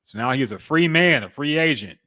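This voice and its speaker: Bright-voiced man co-hosting a podcast. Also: medium pitch, expressive, a little fast, no room sound, clean studio sound. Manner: laid-back, candid music opinions. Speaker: podcast co-host. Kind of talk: casual chat.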